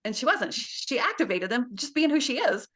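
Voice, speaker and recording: A middle-aged woman speaks as a guest on a parenting interview. Her voice sits fairly high, and she talks casually and laughs often. She acts out small bits of dialogue as she goes. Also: big pitch swings, fairly quick, a bit bright.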